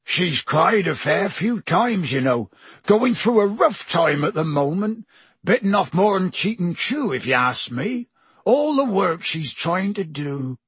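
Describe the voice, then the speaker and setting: A male narrator voicing a huge, gruff but kindly gamekeeper who talks in a rough, homely way. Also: high voice, sing-song, a little slow, fairly bright tone, no room sound, pitched above the performer's own voice, heavily acted. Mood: chiding.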